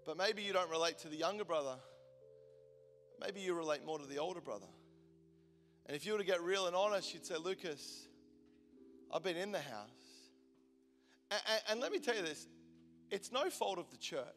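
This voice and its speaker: A man in his forties preaching a sermon, telling stories with passion and swinging from loud intensity to hushed tones. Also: high-pitched, animated, fairly quick, long pauses. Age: 40s. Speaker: pastor. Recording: long hall reverb, faint music behind.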